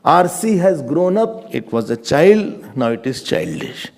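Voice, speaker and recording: A man teaching a scripture class, his voice mellow and warm. He talks with a lively, rising-and-falling pitch and patiently repeats key points for emphasis. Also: a little slow, gravelly. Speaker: Vedanta teacher.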